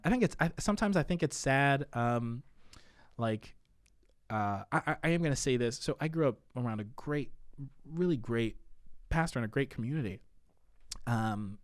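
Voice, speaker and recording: A man in his thirties, a podcast guest, talking in a hesitant, halting way with many restarts. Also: medium pitch, no echo, studio quality. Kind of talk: casual conversation.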